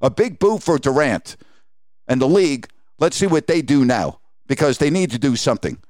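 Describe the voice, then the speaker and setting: A man's voice: medium pitch, animated, normal speed, a little mellow, no room sound, clean studio sound. A male sports radio host delivering an indignant, emphatic rant full of rhetorical questions.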